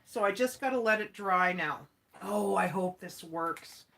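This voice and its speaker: A woman from Alberta, Canada, hosts a casual livestream while crafting, chatty and folksy and laughing often. Her mid-range voice is a bit bright and a little slow, with slight hiss or hum on the recording.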